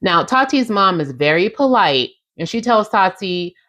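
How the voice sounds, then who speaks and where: A woman's voice: medium pitch, big pitch swings, unhurried, fairly bright tone. Sassy woman recapping reality TV. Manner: chatty and sassy, addresses listeners directly. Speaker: podcast host recapping a reality show. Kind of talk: casual recap, acting out quotes.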